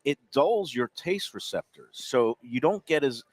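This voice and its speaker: A man's voice: medium pitch, expressive, measured pace, no echo. Chatty man with a New York accent. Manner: chatty, reads out deals and details. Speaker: show host. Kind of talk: casual radio-style food chat.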